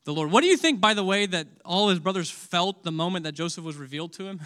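A man preaching a sermon with emotion, dropping to a hush and rising again, often asking his listeners questions. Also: sits high, expressive, quick pace, clean tone. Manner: emotional, swings from loud to hushed; asks audience questions.

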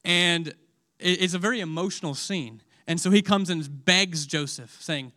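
Male preacher, high pitch, emotional sermon delivery that swings between loud and hushed. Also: fairly quick. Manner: asks audience questions.

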